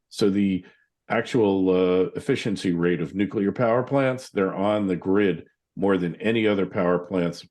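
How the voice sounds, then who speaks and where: A man's voice: low voice, darkish tone. A man hosting a podcast interview, speaking in a casual, blunt and sarcastic way. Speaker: podcast host.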